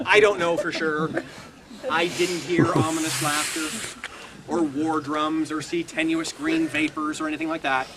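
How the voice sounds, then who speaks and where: A man's voice: a little high, normal speed, over a noisy crowd, low-quality recording. A man guiding a ghost tour, telling stories to a group outdoors in a wry, chatty way. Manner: chatty, wry storytelling with chuckles. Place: outdoors at a historic fort. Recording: outdoor recording with steady background noise.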